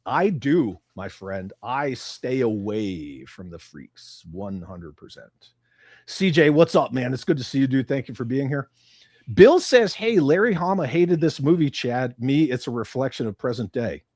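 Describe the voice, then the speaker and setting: A blunt American man hosts a livestream from his room, reading chat aloud and cursing freely. His pitch swings widely while he talks. The sound is dry and close. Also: big pitch swings, measured pace, darkish tone, no echo. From United States. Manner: profane, blunt, ranting. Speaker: livestream host.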